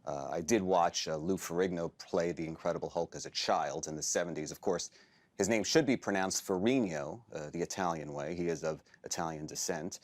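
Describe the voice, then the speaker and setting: Precise, deadpan man. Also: low voice. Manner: measured, pedantic, formal. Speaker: comedy show staff member. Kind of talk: deadpan on-camera chat.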